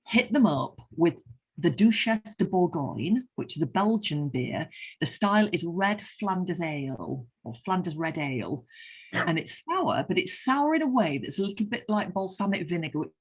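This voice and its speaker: A woman with a Northern English accent, a beer writer chatting casually and explaining with lively enthusiasm. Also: lowish voice, normal speed, slightly rough. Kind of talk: casual chat.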